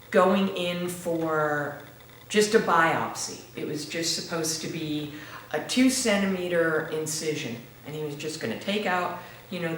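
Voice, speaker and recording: A woman giving a halting, earnest personal testimony in a church interview, often restarting her words. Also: sits low, fairly bright tone. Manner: slow and earnest, turning tearful when moved. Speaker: interview guest. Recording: very echoey room with faint noise.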